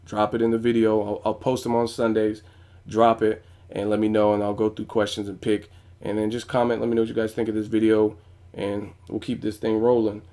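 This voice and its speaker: A man's voice: on the low side, monotone, fairly quick, warm tone. A man giving casual, blunt boxing commentary on his vlog, with plenty of profanity. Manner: casual, blunt, profane, frequent "you know what I'm saying". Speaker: boxing YouTuber.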